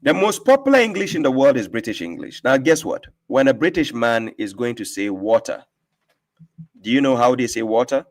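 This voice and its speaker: A man's voice: medium pitch, sing-song, brisk, hardly any pauses. A man in middle register who is hosting a live stream and lecturing with emphasis. He drives his points home with rhetorical questions and repetition, pressing his listener to follow along. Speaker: host giving talks on religion. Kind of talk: casual debate on a live stream.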